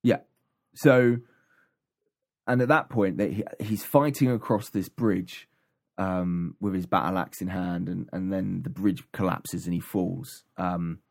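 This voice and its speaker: A man's voice: sits low, steady tone, measured pace, gravelly, a little mellow. A man casually recapping an audiobook on a podcast, rambling with many ums and restarts. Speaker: podcast co-host.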